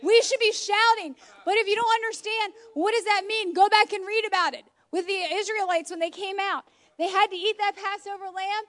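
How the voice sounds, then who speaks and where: A woman's voice: very high voice, fairly even intonation, brisk, hardly any pauses, a bit bright. A woman, a homeschool mom, giving an informal, passionate, exclamatory sermon into her phone at home.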